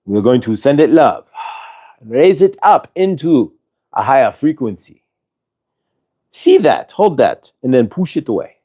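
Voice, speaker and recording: A man speaks as a spiritual channeler in a live session. He talks in an earnest, coaxing way and comes back to the same phrases again and again. His voice sits at an ordinary middle pitch. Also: sing-song, a little slow, long pauses, mellow, slightly rough. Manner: earnest, repetitive, coaxing delivery.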